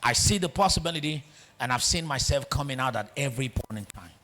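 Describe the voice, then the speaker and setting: A guest speaker with a Nigerian accent gives a motivational talk in a large auditorium. His voice is medium-pitched and he talks fast, telling a story with animation that swings between loud and hushed.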